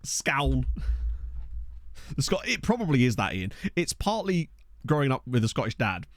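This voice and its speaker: Very animated and a little fast, this medium-pitched young man with a Southern English accent chats while gaming and replying to his stream chat. He's on a desk microphone in studio quality, without room sound.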